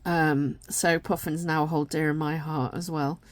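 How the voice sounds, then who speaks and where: A woman with a lowish voice talks through a card deck in a soft, musing way, often drifting off on tangents. She sounds a little tired and yawns at times. The sound is dry and close. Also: level tone, a little slow, dry recording. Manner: gentle, musing, rambling. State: tired, yawning. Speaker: tarot and oracle deck reviewer. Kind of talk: casual deck walkthrough.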